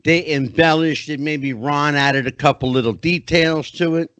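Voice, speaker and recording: A man's voice: on the high side, normal speed, a bit bright, no echo. A middle-aged man hosting a podcast interview, chatty and often rephrasing himself. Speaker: podcast host.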